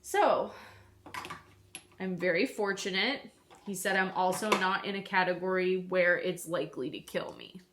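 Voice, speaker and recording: A woman's voice: fairly low pitch, measured pace, background noise. A woman vlogger chatting casually to viewers while doing her makeup, rambling and self-deprecating.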